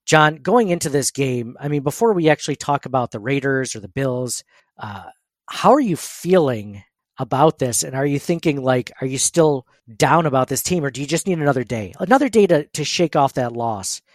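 A man's voice: medium pitch, animated, moderate pace, no echo, clean studio sound. A man hosting a casual sports podcast, rambling and laughing with lots of fillers, who calls his own voice annoying. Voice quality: says he has an annoying voice. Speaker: podcast host.

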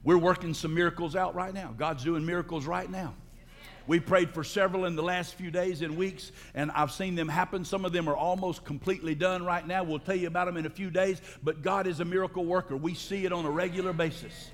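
A male pastor giving a sermon in a church sanctuary, preaching emphatically and breaking into loud, high outbursts. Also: fairly even intonation, fairly quick. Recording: long hall reverb.

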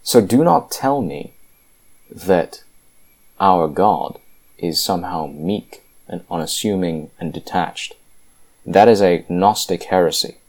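A man's voice: sits low, animated, slow, a little mellow. A man giving impassioned Bible commentary with fervent, emphatic delivery and frequent restarts. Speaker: Christian commentator.

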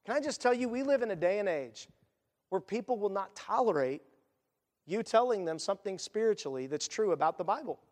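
A man with a high voice preaches a sermon, talking to the congregation like a friend and acting out quotes along the way. His words ring out with a long reverb, as in a large church sanctuary. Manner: conversational preaching with asides and acted quotes. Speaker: pastor.

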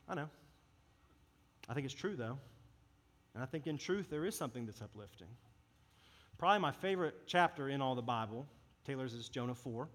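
A man with a mid-range, slightly bright voice gives a sermon as a youth pastor. He is impassioned and sincere yet conversational, and the church service hall adds noticeable reverberation.

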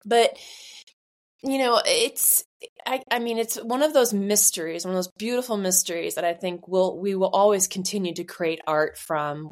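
Woman, 40s, podcast co-host, casual conversation, rambling, reflective, many fillers. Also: lowish voice.

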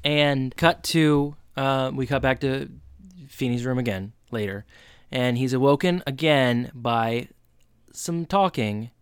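A man co-hosting a podcast in casual chat, playfully acting out scenes with quick character voices. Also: medium pitch, clean tone, no echo, clean studio sound. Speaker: podcast co-host.

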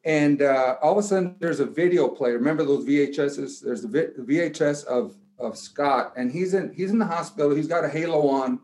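A man who played college football gives a motivational pep talk that swells toward shouting and then tells a long story. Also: on the high side, fairly quick, hardly any pauses. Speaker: guest giving a pep talk.

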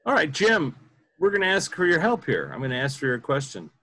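Lively, joking male host. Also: a little high, brisk. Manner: joking, self-deprecating. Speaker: podcast host. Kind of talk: casual conversational interview.

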